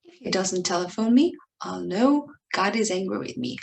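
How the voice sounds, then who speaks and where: A woman teacher giving an expressive, dramatic reading of a short story monologue, pleading and emotional, with small slips and restarts. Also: medium pitch, normal speed, gravelly, a little hiss or hum, rough recording.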